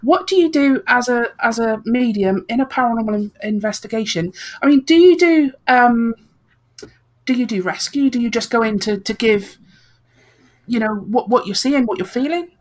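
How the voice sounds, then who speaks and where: A woman's voice: a little high, lively intonation, normal speed. Woman host asking hesitant questions. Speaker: podcast host. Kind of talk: interview questions.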